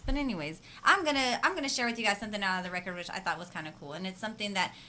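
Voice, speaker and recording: A woman co-hosting a morning radio show, chatting casually and telling animated stories. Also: mid-range voice, rapid-fire, a little hiss or hum.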